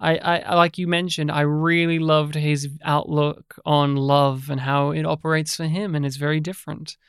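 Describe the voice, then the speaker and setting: A podcast co-host chatting casually about films, animated and jokey, with a habit of slipping into mock impressions. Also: mid-range voice, moderate pace, smooth, no room sound, studio quality. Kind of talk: casual chat.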